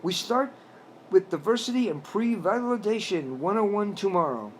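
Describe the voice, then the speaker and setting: A stately storybook frog butler, put on by a male narrator, speaking with a stiff English accent in a firm yet caring way. His voice sits a touch high. A faint hiss runs under the recording. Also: expressive, moderate pace. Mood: formal.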